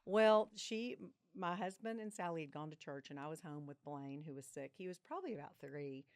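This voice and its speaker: A woman, a guest on a podcast, telling family stories in an animated way and acting out the voices of the people in them. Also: sits low, a little fast, no room sound, studio quality. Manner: animated storyteller, acts out quoted voices. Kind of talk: casual podcast conversation, storytelling.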